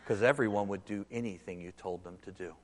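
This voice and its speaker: A man's voice: on the low side, brisk, big-room sound, pitched below the performer's own voice, lightly acted. A man voicing a sly, scheming male ape from a storybook, pleading and guilt-tripping in a whiny, overly sweet way.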